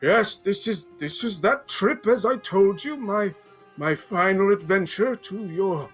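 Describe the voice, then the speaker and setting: A man's voice: high voice, lively intonation, a little slow, a bit bright, faint music behind, voice pushed up. A man voicing a nervous male traveler who hesitates and repeats himself.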